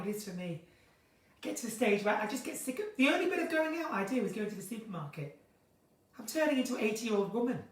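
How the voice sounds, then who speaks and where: Chatty woman, roomy distant sound. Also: fairly bright tone. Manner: chatty, theatrical, jumps between playful high exclamations and low asides. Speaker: live-stream host chatting with viewers. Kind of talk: casual live chat. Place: at home, kitchen. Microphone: phone or webcam in a live stream.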